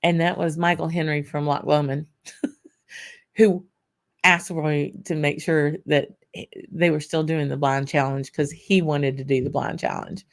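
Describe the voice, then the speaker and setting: Tired woman with a gravelly low voice. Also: flat delivery, unhurried. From Louisiana. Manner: chatty, many fillers and restarts. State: tired, voice going hoarse. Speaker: whisky channel host. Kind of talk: casual vlog recap.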